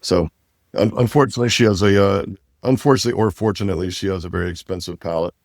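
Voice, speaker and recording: A man's voice: deep voice, racing, a little mellow, no echo, studio quality. A man from Washington, in his fifties, talking casually as an interview guest, rambling with many fillers and restarts. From Walla Walla Valley, Washington. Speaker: winery owner and interview guest.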